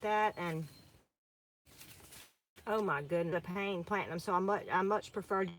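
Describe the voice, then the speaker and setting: A woman's voice: mid-range voice, moderate pace, fairly bright tone, slight background noise. A woman, chatting and rambling with many fillers as she plants seeds with her co-host. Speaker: farm co-host. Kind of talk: casual chat while planting seeds.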